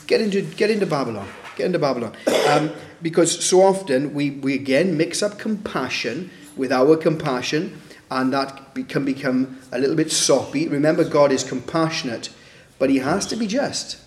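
Chatty preacher in an echoey hall. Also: male voice, on the high side, moderate pace, slight background noise. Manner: conversational, rhetorical questions, acts out quoted voices. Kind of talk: sermon. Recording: echoey room.

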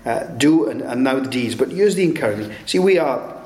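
A man preaching a sermon, speaking haltingly with frequent restarts and tag questions. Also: medium pitch, expressive, darkish tone. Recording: echoey room.

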